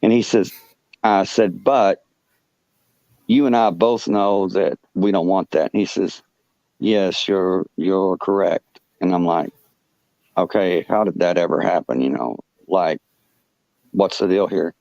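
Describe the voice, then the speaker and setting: Real deep-voiced guy rambling thru a story, lots of um and you know, kinda muffled. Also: creaky, warm tone, no room sound. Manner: halting, full of fillers and restarts. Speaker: podcast guest telling a personal story. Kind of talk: rambling first-person anecdote.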